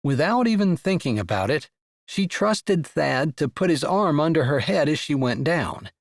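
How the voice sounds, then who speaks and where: Male audiobook narrator; animated, dry close studio sound. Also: medium pitch, dry recording. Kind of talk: scripted romance narration.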